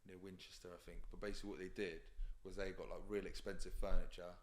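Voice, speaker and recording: A young Englishman guesting on a podcast rattles off work stories in casual chat, full of slang and swearing, and voices the people he quotes. He talks fast in a low, flat voice.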